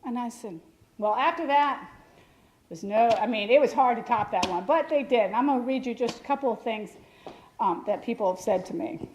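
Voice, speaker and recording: A woman's voice: fairly high pitch, a little mellow, slight background noise. Wry woman speaking in an echoey church hall. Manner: wry and self-mocking, halting with restarts. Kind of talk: personal talk mixing humor and grief.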